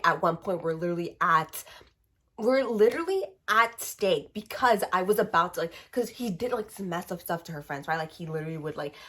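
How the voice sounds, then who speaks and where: A woman in her twenties, still getting over a cold, ranting fast and animatedly in a casual book review. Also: lowish voice, a bit bright, slightly rough. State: recovering from a cold. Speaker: book vlogger.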